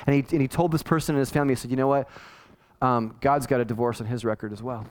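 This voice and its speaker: A man's voice: medium pitch, quick pace. A middle-aged man, a pastor, preaching a sermon in a casual, conversational way and acting out the people he quotes. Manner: conversational, animated, acts out quoted voices.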